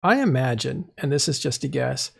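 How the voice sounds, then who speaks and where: A man's voice: medium pitch, animated, normal speed, gravelly, fairly bright tone, breathy edge. A man co-hosting a gaming podcast, chiming in casually with his guesses. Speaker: podcast co-host.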